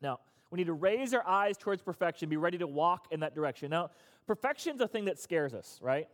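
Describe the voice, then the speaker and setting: A man's voice: high-pitched, animated, fairly quick, fairly bright tone. A male pastor giving an interactive sermon, emphatic and repetitive, coaxing his audience to respond. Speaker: pastor leading a recovery group. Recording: echoey hall.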